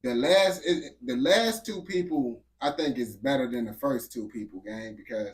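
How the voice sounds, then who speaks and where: A man's voice: mid-range voice, moderate pace. A man giving casual, slangy reaction commentary, dropping "bro" and "gang" constantly and restarting his sentences. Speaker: reaction video host.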